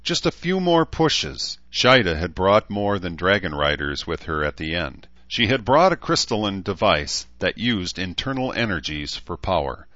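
A man's voice: lively intonation, normal speed, hardly any pauses, sharp tone, no room sound, muffled recording. A man reading a novel aloud as an audiobook narrator, lifting his voice to act out the characters' lines. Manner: acts out characters' lines with raised pitch and force. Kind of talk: scripted narration.

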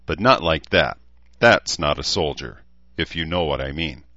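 Reader doing a young man: steady, practical, lightly raised voice, muffled dry read. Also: extremely low pitch, moderate pace, no echo, full character voice. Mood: thoughtful.

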